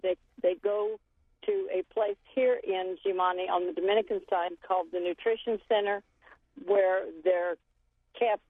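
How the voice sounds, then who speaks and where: A woman's voice: fairly low pitch, no room sound. A woman directing a medical aid group, speaking earnestly over a phone call with frequent restarts and a voice worn from talking. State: losing her voice. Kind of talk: phone interview. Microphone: cell phone. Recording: tinny phone line.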